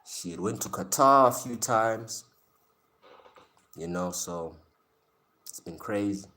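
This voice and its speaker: Here a live-stream host from South Africa banters with his chat, slangy and joking, frequently laughing and speaking right to viewers. His fairly low voice is animated, pushed and bright, and he takes it slowly; there's slight background noise.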